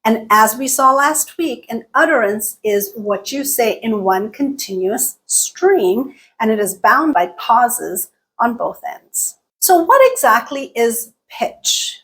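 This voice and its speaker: Woman with a higher voice teaching pronunciation. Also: animated, a bit bright. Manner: clear, measured explaining with tag checks like "right?". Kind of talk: explanatory online lesson.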